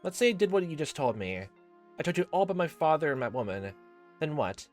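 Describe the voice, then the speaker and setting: A man voicing a gentle but guarded teenage girl in a visual novel, his voice raised and softened, turning from sweet to flat and mocking. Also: on the high side, quick pace, soft background music, voice pushed up. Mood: cold. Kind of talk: dramatic reading of visual novel dialogue.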